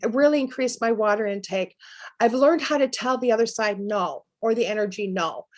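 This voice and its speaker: A middle-aged woman, a psychic medium guest, telling personal stories in a lively, chatty way. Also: on the high side, a little fast. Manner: lively anecdotal telling with laughs. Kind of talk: storytelling interview chat.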